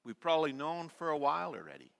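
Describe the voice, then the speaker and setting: A man preaching a sermon as pastor, telling a story with many fillers and restarts, and dropping to a soft, quiet voice at key points. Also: fairly high pitch, big pitch swings, quick pace, gravelly. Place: church sanctuary. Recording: long reverb of a church hall.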